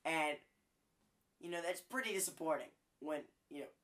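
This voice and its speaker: A man's voice: fairly high pitch, lively intonation, normal speed, a bit bright. A man hosting a sports show, handing out weekly college football awards in a chatty, joking way with frequent fillers. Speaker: sports podcast host. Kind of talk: casual sports commentary.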